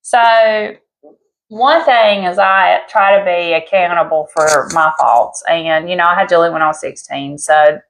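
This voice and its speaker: Woman in her 40s, gravelly and lowish, candid joking podcast co-host. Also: steady tone, a little slow, slight background noise, low-quality recording. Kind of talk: casual chat.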